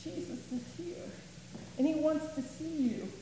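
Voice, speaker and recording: A grieving biblical sister, earnest and emotional, played by a woman in a first-person stage monologue. Her high voice moves slowly. The sound is roomy, with a long hall reverb. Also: warm tone, a little hiss or hum. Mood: awed, reflective. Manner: earnest and emotional, dwelling on words. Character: grieving woman, sister of Lazarus, fond of tidiness.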